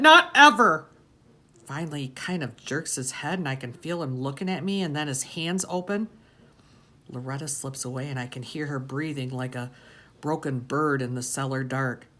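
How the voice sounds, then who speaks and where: A woman narrating a first-person audiobook in a steady, intense way. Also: low-pitched.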